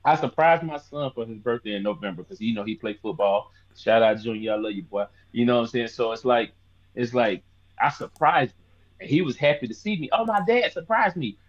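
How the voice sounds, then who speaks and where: A man in his thirties co-hosting a sports podcast, joking loudly and swearing in casual banter. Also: mid-range voice, normal speed, dull audio. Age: 30s. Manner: loud, animated, swearing banter. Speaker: podcast co-host.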